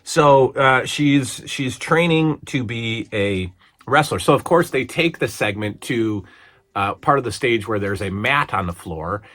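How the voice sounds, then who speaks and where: A man's voice: mid-range voice, expressive, a little slow, fairly bright tone. A man in his forties casually reviewing an old wrestling broadcast, rambling and chatty with lots of fillers and restarts. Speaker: podcast host reviewing old wrestling shows.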